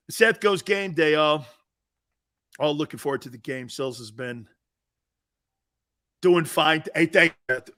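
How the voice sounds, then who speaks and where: A man in his fifties hosts a casual sports live stream, bantering loosely with his chat. His voice sits a little high for a man and swings all over the place, from big bursts down to quieter asides. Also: takes it slowly, long pauses. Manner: animated, bantering, often laughing. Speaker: sports show host.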